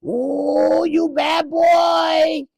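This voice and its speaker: Guy doing a screechy scolding shop lady, way up high, yelling broken english, dry close sound. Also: flat delivery, very slow, vocal fry, dry recording, some chatter behind, heavily acted. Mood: shrieking scold. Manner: shrieking, broken English, over the top. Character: shrill pushy older woman shopkeeper, scolding.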